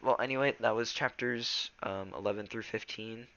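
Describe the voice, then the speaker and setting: After reading a novel aloud, a teenager slips into a rambling, filler-laden chat, repeatedly stumbling and restarting words. His lowish voice is steady and sharp at a normal speed, though the recording sounds muffled.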